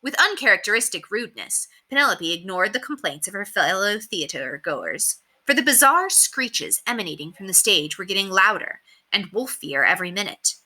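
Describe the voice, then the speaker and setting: Bright, animated woman reading aloud. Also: mid-range voice, moderate pace, few pauses. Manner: expressive, animated. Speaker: reader. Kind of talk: storybook read-aloud.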